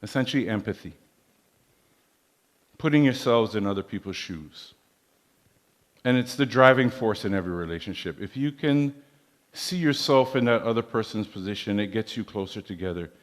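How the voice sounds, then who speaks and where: A man giving a motivational leadership talk in a large hall, measured and preacherly, with proverbs. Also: fairly low pitch, expressive. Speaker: keynote speaker. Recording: long hall reverb.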